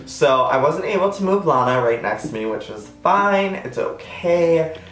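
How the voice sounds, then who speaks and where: A man's voice: animated, measured pace, fairly bright tone. Chatty man telling a story, echoey. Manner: chatty, self-mocking, acts out quotes with jumps in pitch. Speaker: vlogger. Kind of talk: casual storytime.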